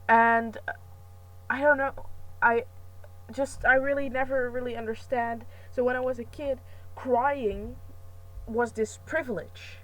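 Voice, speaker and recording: A woman's voice: mid-range voice, a little slow, a bit bright, recorded from a distance, poor audio. A young woman vlogging in a rambling, chatty, self-mocking way, with many fillers and restarts. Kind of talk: casual chat.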